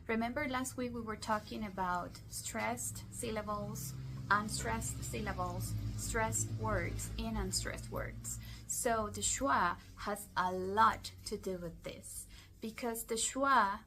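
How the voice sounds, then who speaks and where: Slow, careful Spanish-accented woman teacher. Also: a little high, fairly bright tone, a little hiss or hum. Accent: Latin American Spanish. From Latin America. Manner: careful, measured explanation with occasional restarts. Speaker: English phonetics teacher. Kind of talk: recorded online lesson.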